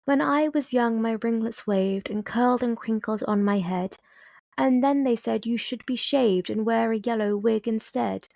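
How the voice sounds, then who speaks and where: A woman's voice: fairly high pitch, moderate pace, gravelly, darkish tone, no room sound, studio quality. A woman voicing a vain, grumbling old wasp complaining in a raised storybook voice.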